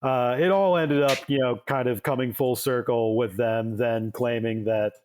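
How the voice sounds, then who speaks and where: A man's voice: mid-range voice, fairly even intonation, normal speed, darkish tone, a little hiss or hum. Rambling man on a sports podcast. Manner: rambling, lots of fillers and restarts. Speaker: podcast co-host. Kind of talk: casual chat.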